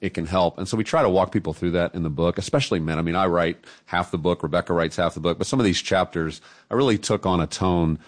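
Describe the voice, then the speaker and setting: A man's voice: deep voice, fast. A man being interviewed as a guest author, talking earnestly and reflectively. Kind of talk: casual interview chat.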